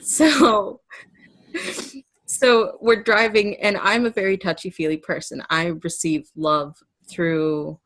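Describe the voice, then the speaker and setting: Animated woman telling a story, dry sound. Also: mid-range voice, slow pace, dry recording. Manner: animated storyteller, laughs often. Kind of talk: casual conversation.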